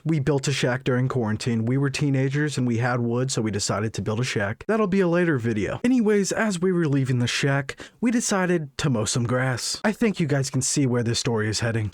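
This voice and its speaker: A young man in his late teens or twenties, telling a jokey story for his vlog with sudden high squeaks of excitement. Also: no echo, clean studio sound. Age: young adult. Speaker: vlogger.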